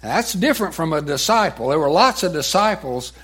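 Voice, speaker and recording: A man's voice: a little high, very animated, brisk, fairly bright tone, slightly rough. A male preacher retelling a story in a sermon, dramatic and voicing the quotes himself.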